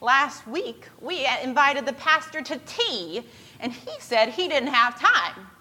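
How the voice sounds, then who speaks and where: A woman's voice: high-pitched, sing-song, slow, sharp tone, slightly rough, full character voice. A woman voicing a grumpy, judgmental male corporate lawyer in a church skit. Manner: sniffy, judgmental.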